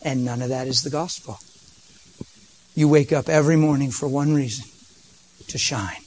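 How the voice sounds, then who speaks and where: A man preaching, telling a story with vocal sound effects and sometimes dropping to a soft near-whisper. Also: medium pitch, steady tone, normal speed. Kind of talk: storytelling sermon.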